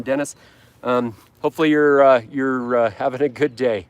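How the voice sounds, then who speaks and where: A man's voice: mid-range voice, steady tone, normal speed, smooth, no room sound. A man from Utah hosting a casual lawn care livestream, rambling and correcting himself as he reads viewer comments with a joking tone. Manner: rambling, self-correcting, jokey.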